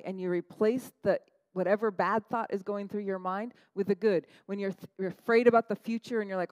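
A middle-aged woman pastor delivering a lively, conversational sermon, often tossing in "right?" to the congregation. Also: medium pitch, a little fast, few pauses, no room sound, rough recording. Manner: animated, conversational, frequent "right?" asides.

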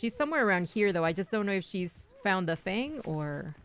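A young woman streamer giving casual, excitable commentary on her own gameplay, chatty and repeating herself as she talks to her teammates. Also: mid-range voice, brisk. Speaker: gaming streamer.

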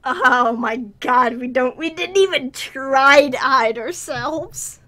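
A woman's voice: high-pitched, slow pace, bright, forceful tone. A woman hosting a game playthrough, chatting and giggling as she reacts aloud. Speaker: gaming channel host. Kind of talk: casual let's-play commentary.

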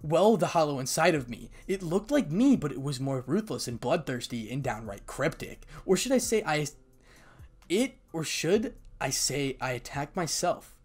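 Man doing a troubled young hero, self-reproaching, animated delivery, fan story reading. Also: fairly high pitch, normal speed, breathy edge. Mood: confused.

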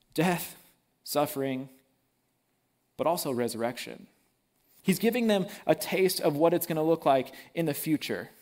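A man preaching a sermon in a casual, animated way, using everyday slang. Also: fairly high pitch.

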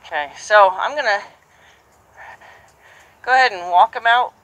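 A woman's voice: mid-range voice, a little slow, fairly bright tone, poor audio. A woman horse trainer who explains each step aloud and murmurs soothingly to the horse she is working with. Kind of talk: narrated training session. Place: horse arena or round pen. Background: hoofbeats and horse sounds.

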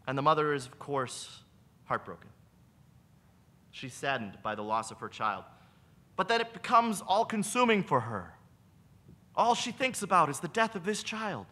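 A male pastor preaching in a relaxed, conversational way. His voice is bright and sits fairly high, and it rises and falls a great deal as he tells the story. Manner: conversational, lively storytelling with book recommendations. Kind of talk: sermon.

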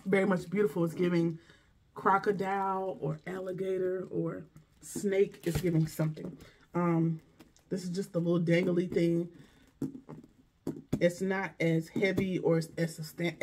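A woman's voice: fairly low pitch, a little mellow, a little hiss or hum. A woman vlogger chatting casually through a shopping haul, gushing and exclaiming over each item. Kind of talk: casual unboxing chat.

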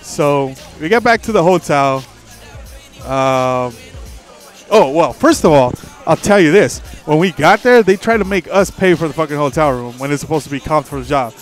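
A man hosting a livestream, telling a story in a profane, animated way, with faint music behind. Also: on the high side, normal speed. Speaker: livestream host. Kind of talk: casual storytelling on stream.

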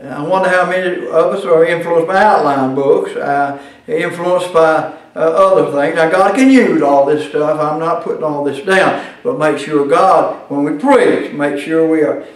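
Halting preacher teaching in an echoey hall. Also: male voice, a little high. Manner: folksy, halting with many uh fillers and restarts. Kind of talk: classroom lecture on preaching. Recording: very echoey room from a distance.

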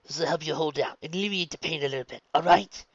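A man reading a story and voicing an older woman midwife who coaxes gently and briskly. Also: on the high side, no echo, muffled recording, voice pushed up. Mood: coaxing, brisk. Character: older woman midwife, calm and kindly coaxing.

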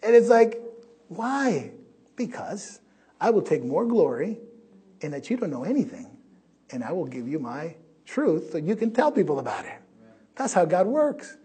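Breathy, emphatic preaching man. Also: high voice, sing-song, normal speed. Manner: emphatic, rising to loud peaks then dropping to a hush. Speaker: pastor. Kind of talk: sermon. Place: church sanctuary.

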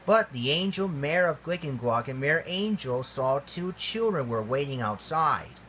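Slow, halting man reading a story. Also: a little high, lively intonation, a bit bright, slight background noise.

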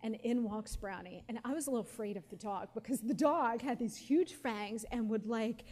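A woman in her forties, a guest speaker telling stories at a live question-and-answer session, animated and laughing often with lots of casual fillers. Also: a little high, moderate pace. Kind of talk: storytelling at a live Q&A.

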